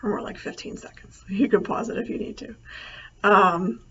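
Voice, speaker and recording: A woman lecturer recording a lesson over slides, relaxed and thinking aloud with many fillers. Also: mid-range voice, moderate pace. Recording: slightly dull, faint noise.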